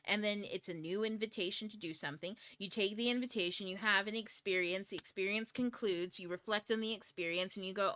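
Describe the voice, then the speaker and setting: A woman's voice: medium pitch, fairly quick, hardly any pauses, sharp tone, dry recording. A woman hosting a book club stream, chatting casually in a blunt, profane way and laughing often. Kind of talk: casual livestream talk.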